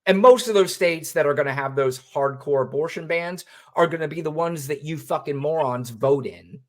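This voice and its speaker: A man's voice: on the high side, moderate pace. Male co-host, political chat, cutting and profane. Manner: blunt, profane, sarcastic. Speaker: podcast co-host.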